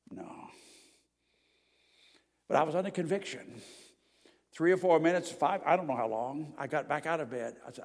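An older male preacher tells his story to a congregation with a somewhat high voice. He shifts from loud cries to hushed prayer. His voice rings with long reverb in a big church hall. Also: gravelly, breathy edge. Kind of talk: evening sermon with personal testimony. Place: church sanctuary before a congregation.

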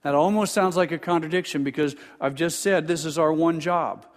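A man's voice: a little high, steady tone, fairly quick. Older male pastor preaching in a reverberant sanctuary. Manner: earnest, stammers and repeats words, builds emphasis. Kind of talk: sermon. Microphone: pulpit microphone.

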